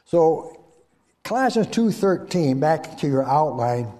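A man delivering a sermon in a voice pitched slightly above the usual. His delivery rides a very lively melody, rising to loud emphatic peaks and sinking to near-whispered lows. He often pauses to let the congregation supply the next word. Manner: dynamic preaching, swinging from loud high emphasis to hushed low tones; asks the congregation to fill in words. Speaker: preacher.

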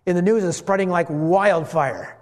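A man's voice: high-pitched, normal speed. A man preaching a sermon to a congregation, acting out the voices in the story as he goes. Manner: animated, acts out the voices in the story. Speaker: pastor.

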